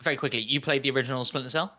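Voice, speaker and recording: A quick, bright male voice in casual podcast chat. He fires off questions and chats along with his co-hosts. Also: mid-range voice, fairly even intonation.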